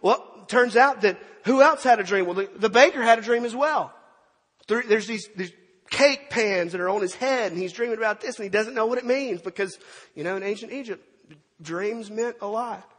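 Pastor, male, high-pitched storyteller in a reverberant hall, acts out the quotes. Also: moderate pace. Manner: storytelling, animated, with acted-out quotes and asides to the congregation. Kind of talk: sermon.

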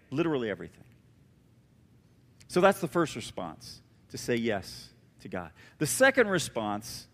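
A man preaching a sermon as pastor, animated and emphatic with a conversational touch, in a church. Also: medium pitch, long reverb tail. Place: church sanctuary.

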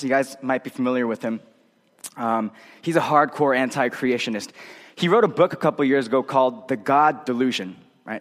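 A man's voice: medium pitch, long reverb tail. A male pastor preaching a sermon in a conversational way, often checking in with tag questions.

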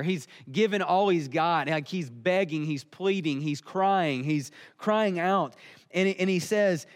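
A man's voice: a little high, in a large hall. A man preaching a sermon, earnest and emphatic. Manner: earnest, emphatic, building in intensity.

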